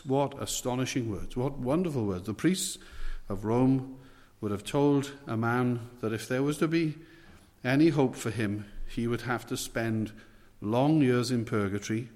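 Male preacher, sermon delivery, measured and emphatic, long hall reverb. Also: medium pitch, darkish tone. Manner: measured, emphatic preaching with slow stressed phrases.

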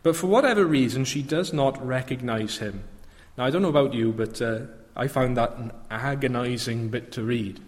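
A man's voice: medium pitch, moderate pace. A man preaching a sermon in a reflective manner, often turning to rhetorical questions. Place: church. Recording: long reverb of a church.

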